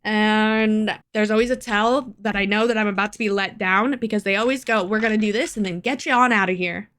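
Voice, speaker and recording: A woman's voice: mid-range voice, fairly quick, hardly any pauses, a bit bright. A young woman talks straight to her camera in a casual storytime vlog. She is candid and swears freely, and laughs now and then as she vents. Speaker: vlogger.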